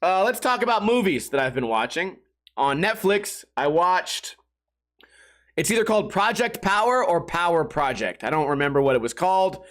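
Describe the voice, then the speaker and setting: A man's voice: high-pitched, animated, normal speed, a bit bright. A man hosting a solo comedy podcast, rambling and swearing casually and laughing at his own jokes. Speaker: podcast host.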